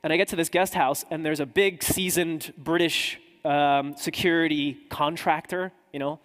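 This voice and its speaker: High-voiced man telling stories in an echoey hall. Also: steady tone, normal speed, a bit bright. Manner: chatty, self-mocking storytelling. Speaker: podcaster and journalist. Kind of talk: conference talk anecdote. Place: conference hall.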